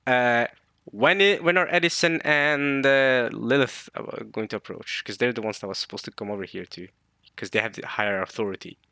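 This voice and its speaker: Guy doing a manga chapter reaction, bright lively voice, dry close sound, thinks out loud. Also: medium pitch, smooth, dry recording. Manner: excited, thinks aloud, reads lines in quick put-on voices. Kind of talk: casual chapter reading and reaction.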